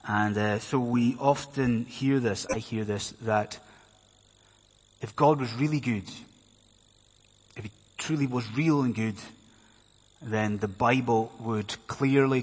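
A man's voice: medium pitch, slightly rough. A man preaching a sermon, speaking emphatically and asking the congregation many rhetorical questions. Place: church hall. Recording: reverberant hall sound.

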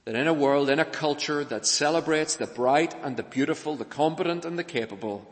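A man preaching a sermon in a church, earnest, pressing hard on key points and then falling soft and low. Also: a little fast. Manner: earnest, rising to urgent emphasis then dropping soft. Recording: long reverb of a church hall.

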